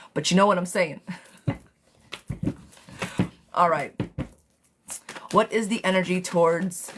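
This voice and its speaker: A woman's voice: deep voice, noisy background. A woman doing a live-stream tarot reading, chatty and affectionate, who calls her viewers darling and sweetheart. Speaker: tarot reader.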